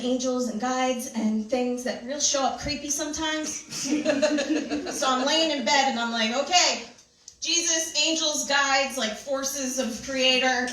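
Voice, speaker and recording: A woman giving an animated talk to an audience, telling a personal story and laughing often. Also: high-pitched. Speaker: speaker. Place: large room with an audience. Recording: echoey hall from far off.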